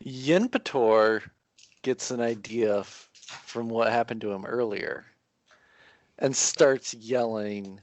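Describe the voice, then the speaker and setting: A man's voice: medium pitch, slow pace. A man playing a tabletop game, narrating his character's actions in the third person. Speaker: player. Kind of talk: casual tabletop play.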